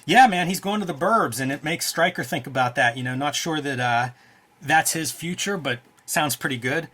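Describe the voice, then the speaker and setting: A man's voice: fairly high pitch, moderate pace, sharp tone. A man co-hosting a casual chat about comics, joking and laughing often as he pages through an issue. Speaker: cartoonist co-host.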